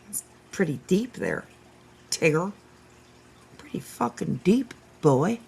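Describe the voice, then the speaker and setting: A woman with a fairly low, mellow, slightly rough voice hosts a casual reaction commentary on stream clips. She is very animated yet slow and creaky, with long pauses, and she sounds profane and exasperated while laughing often at what she sees.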